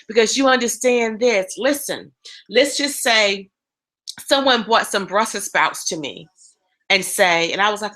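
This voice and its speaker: A woman giving a motivational talk, telling animated stories and addressing her listeners directly. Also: mid-range voice, unhurried, faint music behind, rough recording. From East Coast of the United States. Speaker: motivational speaker.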